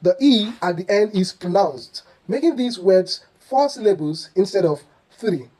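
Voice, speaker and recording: An English pronunciation teacher giving a lesson, who quizzes the listener with questions and repeats each word slowly and deliberately. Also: mid-range voice, expressive, a little mellow, rough recording.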